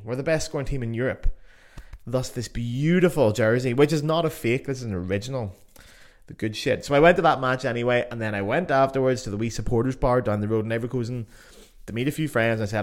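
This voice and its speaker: A man's voice: medium pitch, fast. Jokey Irish man hosting a podcast. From Ireland. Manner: chatty, profane and jokey. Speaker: podcast host. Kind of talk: casual solo podcast chat. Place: home in Germany.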